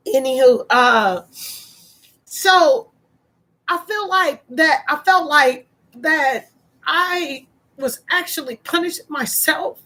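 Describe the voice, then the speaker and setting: A middle-aged woman telling a personal story in a vlog, speaking slowly and haltingly with many pauses and fillers. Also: high-pitched, fairly bright tone. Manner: emotional, fighting back tears. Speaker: vlogger.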